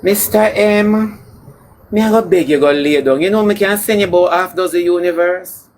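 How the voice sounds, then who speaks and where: Jamaican man, high voice, camp and cutting, draws out words, faint background hum. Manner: camp, sharp-tongued, drawls words out slowly for effect. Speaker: livestream personality. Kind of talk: sassy comedic live chat.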